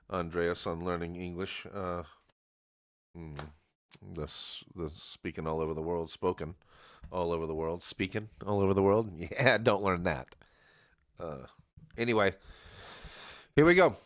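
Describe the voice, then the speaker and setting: A man's voice: low-pitched, no echo, clean studio sound. A man hosting a live karaoke stream, chatting in a rambling, joking way and talking straight to his viewers. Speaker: livestream karaoke host greeting viewers. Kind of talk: casual rambling chat.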